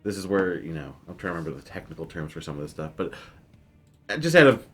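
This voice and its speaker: Guy with a lowish voice talking through his move, lots of likes and uhs. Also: big pitch swings, soft background music. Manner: halting, searching for words. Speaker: player. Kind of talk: casual tabletop game play.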